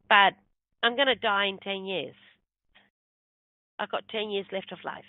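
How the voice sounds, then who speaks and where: A woman's voice: medium pitch, measured pace, pauses often. A woman, a medium, recounts a story in an interview, animatedly voicing the people in it. Her voice sits in the middle of a woman's range. The sound is narrow and phone-like, with no room echo. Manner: animated storyteller acting out quoted dialogue. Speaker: guest, spiritual medium.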